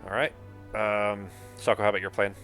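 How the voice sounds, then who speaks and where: A man's voice: fairly low pitch, little pitch movement, fairly quick, pushed and bright, soft background music. A man acting as game master for a tabletop board game, thinking aloud, counting moves and swearing casually.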